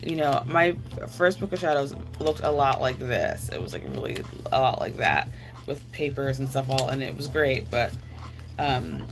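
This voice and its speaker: A woman's voice: sits low, vocal fry, background noise. A woman live streaming, chatting casually and rambling to her viewers while answering their comments aloud.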